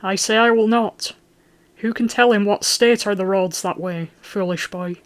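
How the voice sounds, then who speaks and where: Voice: medium pitch, fairly even intonation, a little slow, natural voice. A reader voicing a roaring hot-tempered medieval lord. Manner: gruff, loud, archaic speech. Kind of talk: audiobook character voice.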